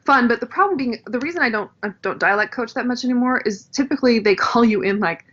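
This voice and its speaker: A woman with a bright, crisp voice talks casually as a podcast guest and explains dialect work as a coach. She acts out vowel sounds and laughs easily. The audio is somewhat dull and lo-fi. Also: a little high, fast. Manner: animated, demonstrates dialect sounds, laughs often.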